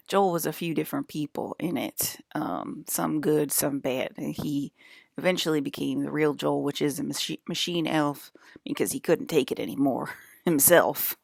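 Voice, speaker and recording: Low gravelly woman rambling. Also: a little slow, darkish tone, no room sound, studio quality. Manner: rambling, swears freely, many fillers. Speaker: vlogger. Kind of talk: casual rambling monologue.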